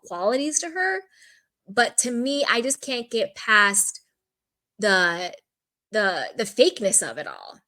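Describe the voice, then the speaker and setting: A woman with a mid-range, somewhat bright voice gives her unfiltered thoughts on a reality show. Her speech is casual and opinionated, peppered with plenty of "like."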